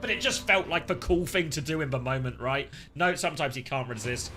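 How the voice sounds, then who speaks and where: A man casting live esports, shifting between excitable play-by-play and chatty analysis full of fillers. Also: fairly high pitch, fairly quick, soft background music. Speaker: esports caster.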